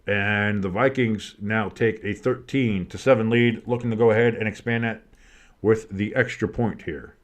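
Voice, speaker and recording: A man giving casual play-by-play commentary on a game, rambling and swearing between plays and bursting out with excitement on big ones. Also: lowish voice, normal speed. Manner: rambling, swears, breaks off into nostalgic tangents. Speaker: play-by-play streamer.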